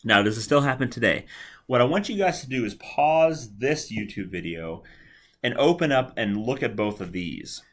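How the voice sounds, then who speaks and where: A man's voice: mid-range voice, lively intonation, normal speed. A man giving a recorded video lecture in a conversational way, often repeating himself and checking in with "all right.". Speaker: psychology lecturer.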